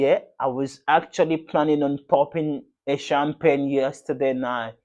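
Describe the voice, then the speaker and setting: A man's voice: mid-range voice, unhurried, hardly any pauses, a little mellow. A man talks straight to the camera as the host of a football fan channel. He rants with passion and leans on slang. He hammers the same phrases over and over for emphasis. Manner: passionate, ranting, repetitive, slangy. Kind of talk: fan reaction rant to camera.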